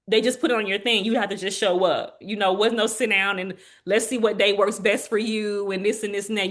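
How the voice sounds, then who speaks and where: A woman in her forties, an interview guest, sharing a heartfelt personal testimony in an earnest way and turning animated when she quotes others. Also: mid-range voice. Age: 40s.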